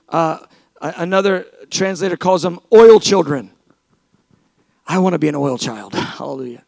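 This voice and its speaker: Passionate high-voiced male preacher. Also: moderate pace, gravelly, no echo. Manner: animated storytelling, acting out both sides of conversations; passionate, rising to shouts at high points. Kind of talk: sermon.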